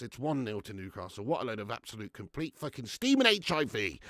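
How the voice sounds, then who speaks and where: A man's voice: medium pitch, big pitch swings, brisk, few pauses, sharp tone, dry recording, studio quality. A young man hosting a live football watch-along, swinging between deflated muttering and swearing rants. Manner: swearing, ranting fan commentary. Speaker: fan watch-along host.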